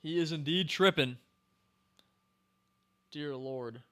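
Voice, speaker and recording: A young man with a bright, forceful voice gives casual running commentary on a film he is watching. He is excitable and keeps exclaiming and talking back at the screen. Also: a little high, slow pace. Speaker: podcast host. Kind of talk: casual movie reaction commentary.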